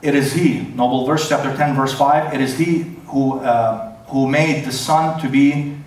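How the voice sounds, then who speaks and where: A man giving an opening statement in a debate, halting and full of fillers and restarts. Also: medium pitch, steady tone, a little mellow. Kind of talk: formal debate presentation. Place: large church hall. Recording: very echoey hall, distant mic.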